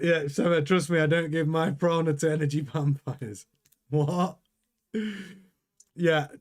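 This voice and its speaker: A man with a fairly high, slightly mellow voice hosts a live watchalong. He reads viewer chat aloud and gives loose, rambling commentary, often breaking off mid-sentence and starting again.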